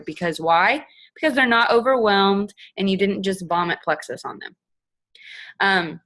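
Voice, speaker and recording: A woman's voice: medium pitch, fairly bright tone. A young woman giving a chatty, upbeat coaching talk on a team call, acting out example messages. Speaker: direct-sales team leader.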